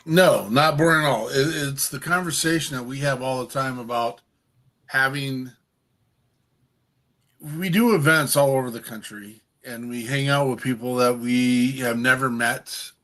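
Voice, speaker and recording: A man hosting a podcast, talking in a halting, casual way with many pauses and restarts. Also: medium pitch, a bit bright. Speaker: host. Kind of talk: casual chat.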